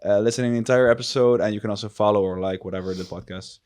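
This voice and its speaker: Rambling low-voiced young man host. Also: steady tone, very fast, darkish tone. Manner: rambling, self-correcting, joking. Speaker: podcast co-host. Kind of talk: casual comedic chat.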